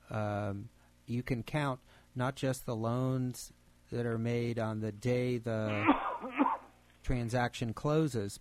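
A man answering questions on a call, polite and measured as he explains. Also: mid-range voice, a little mellow, low-quality recording.

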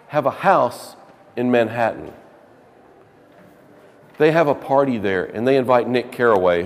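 Deep-voiced man lecturing in a reverberant room. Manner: dramatic, emphatic reading of quoted passages. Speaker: literature teacher. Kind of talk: classroom lecture. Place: classroom.

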